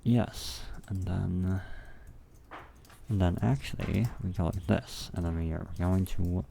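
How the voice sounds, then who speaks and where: A young man with a low, gravelly voice talks to himself while building a game level, rambling and cursing casually. Faint hiss and keyboard typing sit behind him. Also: slow, dark tone. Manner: rambling, profane, self-talking. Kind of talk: casual thinking aloud while working.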